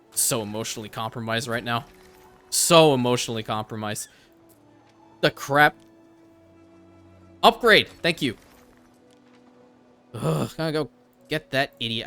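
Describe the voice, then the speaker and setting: A man with a bright, forceful voice talks through a strategy game in casual commentary, musing to himself and throwing in the odd swear word. Faint game music plays behind him. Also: mid-range voice, moderate pace, long pauses. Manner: thinks aloud, casual swearing. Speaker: let's play host.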